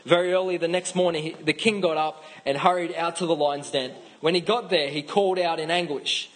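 A man's voice: fairly high pitch, fairly even intonation, fairly quick, few pauses, low-quality recording. A man with an Australian accent giving a casual, chatty sermon, with frequent restarts. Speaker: pastor.

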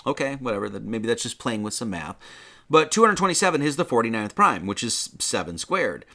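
Male preacher, lively bright delivery, sermon teaching with rhetorical questions. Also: medium pitch, a little fast. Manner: animated teaching, rhetorical questions, quoting scripture.

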